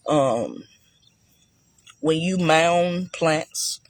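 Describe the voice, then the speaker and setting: A man's voice: fairly high pitch, animated, drawn-out words, long pauses. A man giving a casual, chatty walk-through of his garden for viewers, talking loosely and calling them y'all. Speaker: gardening vlogger. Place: outdoor garden.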